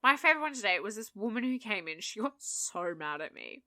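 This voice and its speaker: A woman's voice: medium pitch, brisk, no echo, clean studio sound. A woman co-hosting a podcast, telling work stories in casual chat, swearing freely and acting out the people in them. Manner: animated storyteller, swears freely, acts out customers. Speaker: podcast co-host.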